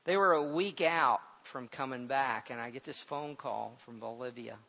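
Middle-aged male pastor, gravelly voice, halting delivery that swells into emphatic preaching, dull recording with light hiss. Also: mid-range voice. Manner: halting, repeats words, grows loud and emphatic when preaching. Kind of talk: sermon with personal story.

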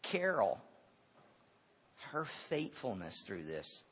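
A middle-aged male pastor preaching a sermon in a church auditorium, moving from loud, impassioned preaching to hushed storytelling. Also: on the low side, big pitch swings, slow, breathy edge. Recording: dull reverberant hall sound.

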